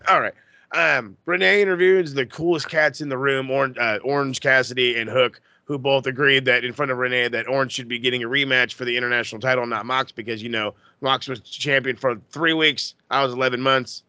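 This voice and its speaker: A man chats on a podcast in a bright, forceful voice, fired up and swearing freely. The sound is close and dry, with no room around it. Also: medium pitch, brisk, no echo. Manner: excitable and profane, gushing. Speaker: podcast co-host. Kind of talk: casual chat.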